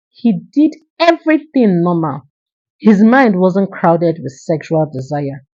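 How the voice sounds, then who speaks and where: A woman narrates a folktale earnestly, closing with a moral. Her voice is low, dark and husky. The recording is dull and lo-fi. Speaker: storyteller.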